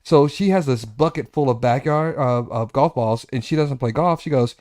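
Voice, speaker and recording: A man in his forties hosts a relaxed chat show and spins a meandering personal story, stopping to restart and correct himself as he goes. His voice is mellow and dark, and the recording is close and dry, with little sound from the room. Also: mid-range voice, brisk, hardly any pauses, dry recording. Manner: rambling, self-correcting anecdotes with animated asides. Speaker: podcast host.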